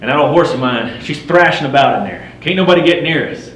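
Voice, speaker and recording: A man's voice: fairly high pitch, animated, fast talker, fairly bright tone. A man playing a boastful frontier mountain man. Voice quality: folksy drawl with rough frontier grammar. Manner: swaggering, wry, chuckling at his own yarns. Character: boastful frontier mountain man, grizzled fur trapper telling tall tales. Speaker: living history storyteller. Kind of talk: first-person campfire tall tale. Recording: roomy recording with faint hum.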